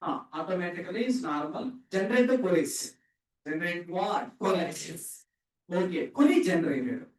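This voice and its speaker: A programming instructor teaches a class in call-and-response style, repeating questions and quizzing students, who answer back. His voice sits high and sing-song at a moderate pace, and he's far from the mic in an echoey room.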